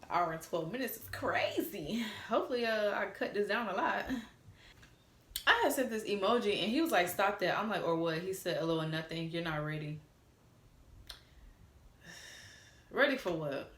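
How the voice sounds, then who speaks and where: A woman's voice: medium pitch, normal speed, pauses often, echoey room. A young woman telling a casual story to viewers, reading out old texts with candid, cussing asides. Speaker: storytime vlogger.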